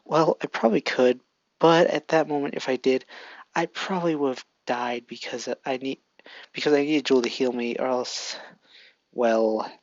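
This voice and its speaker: An earnest, shy teenage boy hero who stammers a little when nervous, as the storyteller voices him. The voice is gravelly, and the lo-fi recording sounds dull and dry. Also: medium pitch, steady tone, normal speed, no echo, lightly acted.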